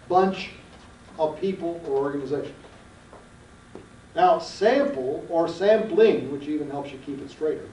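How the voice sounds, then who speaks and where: A high-pitched man with a dark tone lectures a research seminar, putting folksy, emphatic questions to his students. The archival recording, made from a distance in a roomy lecture room, has a little hiss or hum.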